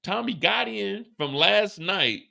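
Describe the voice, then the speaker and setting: A man casually recapping a TV episode, animated and profane, acting out the characters' lines as he goes. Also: sits high, slow, vocal fry. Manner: animated, profane storytelling with acted-out quotes. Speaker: show recap host.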